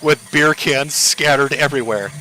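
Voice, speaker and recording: A man's voice: medium pitch, moderate pace, sharp tone, a little hiss or hum. A middle-aged man giving sarcastic, mocking commentary on a live stream for his chat.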